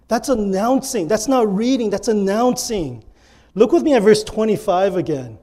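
A man's voice: high voice, lively intonation, normal speed, warm tone. A male pastor preaching a sermon and acting out the lines he quotes with earnest emphasis.

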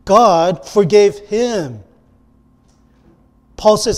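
A man preaching a sermon as a pastor, earnest, moving between emphatic lines and hushed ones. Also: high-pitched, slow pace, pauses often.

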